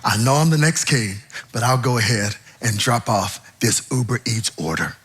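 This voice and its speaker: Male preacher doing an earnest young shepherd, low and calm, obliging. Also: normal speed, husky. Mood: humble, obliging.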